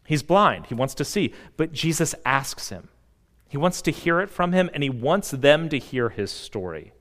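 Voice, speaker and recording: A man preaching a sermon as a pastor. He delivers it earnestly, swelling to emphatic peaks and dropping to hushed, slow passages. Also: on the high side, sing-song, long reverb tail.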